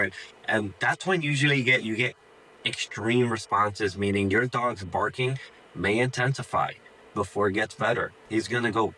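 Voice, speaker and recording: A man's voice: lowish voice, fairly quick, pushed and bright, a little hiss or hum, poor audio. A man, a dog trainer, giving casual tips straight to the viewer, loose and chatty, often voicing what a dog would think. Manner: informal, says "dude" and "like" a lot, acts out the dog's thoughts. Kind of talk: casual instructional talk to camera.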